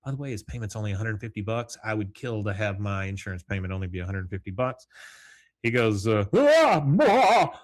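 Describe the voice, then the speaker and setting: Over morning coffee at home, a middle-aged podcast host with a lowish voice and fairly even intonation moves quickly through a recap of a cartoon episode. He rambles casually on his solo show and chuckles in asides.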